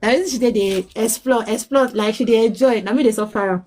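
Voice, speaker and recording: A Nigerian woman in her late thirties, mixing English and Pidgin, telling her life story as a mother in a pleading, halting way. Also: fairly high pitch, a little mellow. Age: 30s. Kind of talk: emotional personal testimony.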